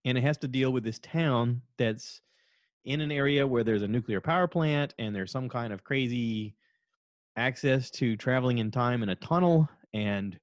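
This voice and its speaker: A man's voice: moderate pace, no echo. Rambling male podcast host, dry sound. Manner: rambling, animated, jumps into high voices when quoting people. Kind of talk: casual solo podcast chat.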